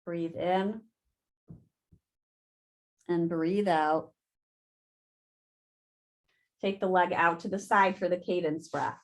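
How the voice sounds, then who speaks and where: A woman yoga instructor giving calm step-by-step cues and counting breaths through a guided class. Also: lowish voice, slow. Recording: echoey room.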